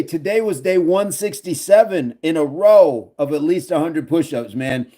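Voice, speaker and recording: A man's voice: fairly high pitch, lively intonation, moderate pace, few pauses, dark tone, a little hiss or hum. Joking man hosting a livestream. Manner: jokey, laughs often, reads chat comments aloud. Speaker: livestream fitness host reading chat. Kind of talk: casual livestream chat.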